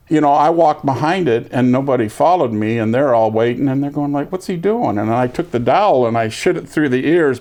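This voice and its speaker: An older veteran in an oral history interview, telling his story with energy and acting out other people's lines. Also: medium pitch. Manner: lively storyteller, acts out quoted voices.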